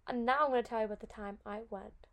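A young adult woman hosting a podcast, telling stories in a chatty, animated way full of "like" and "oh my God". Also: on the high side, fast. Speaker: podcast host. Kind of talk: casual storytelling.

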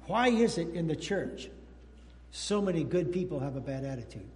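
A pastor in his sixties giving a lively, joking sermon, whooping and breaking into song. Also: fairly high pitch, moderate pace, big-room sound. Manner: animated, jokey preaching with whoops and sung bits.

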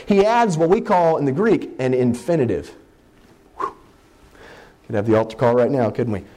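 A man preaching a sermon as a Bible word study, talking conversationally and slowing down to stress key words. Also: a little high, darkish tone.

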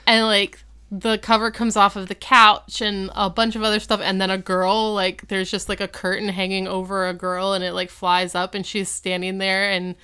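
A woman co-host recapping a sitcom episode in casual, rambling podcast chat. Her voice is bright and sharp-edged. She speaks smooth and clear, dotting her retelling with "like" and little fillers. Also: mid-range voice, little pitch movement, moderate pace. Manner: chatty storytelling with lots of "like" and fillers.

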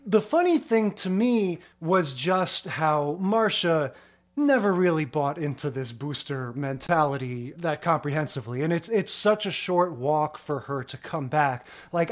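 A man co-hosts a casual podcast about old TV shows, his voice sitting a little higher than most men's. He gives relaxed, wry takes, padding his thoughts with "you know" and "I mean". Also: measured pace. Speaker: podcast co-host.

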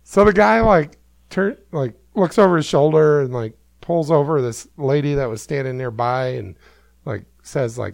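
A man's voice: fairly high pitch, moderate pace, gravelly, darkish tone, dry recording. A man hosting a podcast, telling a story in a rambling, self-amused way with many fillers. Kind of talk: casual storytelling.

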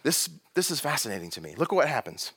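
A man's voice: medium pitch, very animated, quick pace, sharp tone, slightly rough. A man from Texas, preaching a sermon to a congregation in a conversational style, drawing out key words and asking rhetorical questions. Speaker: pastor.

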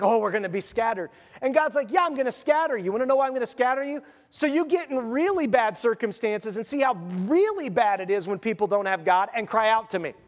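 A man preaching a sermon as pastor, conversational and animated, firing off sarcastic rhetorical questions. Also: extremely high pitch. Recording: long reverb of a church hall.

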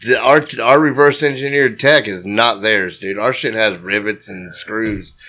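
A man's voice: fairly low pitch, fairly even intonation, a little slow, bright, forceful tone. A man hosting a podcast, chatting casually and profanely, full of dude and bro. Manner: profane, laid-back, says dude a lot. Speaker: podcast host.

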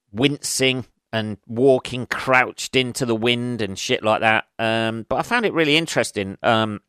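A man's voice: mid-range voice, fairly bright tone, clean tone, no echo. An English man, a comedian hosting his own podcast, rambling casually with lots of swearing and self-mocking asides into a close mic.

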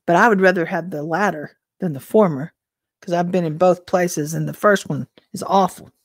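A woman's voice: lowish voice, moderate pace, no echo. Woman preaching conversationally, dry sound. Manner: conversational, rhetorical questions, occasional throat clearing. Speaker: Christian teacher and minister. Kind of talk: informal prophetic teaching.

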